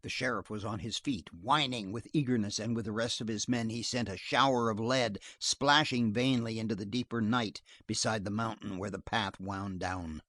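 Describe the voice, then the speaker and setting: A man reading a western novel aloud as an audiobook narrator, steady and measured. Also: lowish voice, dry recording, clean studio sound.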